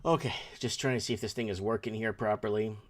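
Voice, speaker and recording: A man's voice: on the low side, steady tone, fast talker. Blunt rambling male livestream host. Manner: rambling, blunt, swears freely. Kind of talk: casual livestream talk.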